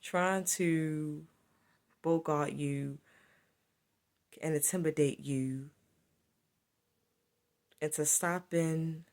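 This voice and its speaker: A woman's voice: deep voice, steady tone, very slow, pauses often, a little mellow. A woman giving a solo spiritual monologue to camera, repetitive and emphatic as she accuses. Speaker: spiritual vlogger.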